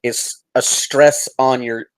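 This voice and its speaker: A man running a tabletop game as dungeon master, calmly narrating and asking for rolls. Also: medium pitch, takes it slowly, smooth. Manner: casual, steady narration with game rulings.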